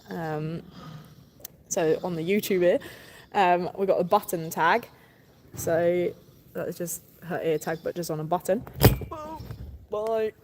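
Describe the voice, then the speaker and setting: A woman's voice: fairly low pitch, a little mellow, a little hiss or hum. A young woman farmer chatting casually on a livestream, affectionate and apologetic toward viewers, recorded on a phone camera in a barn. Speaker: farmer livestreaming a calving watch. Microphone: phone camera on a tripod. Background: birds and animal sounds.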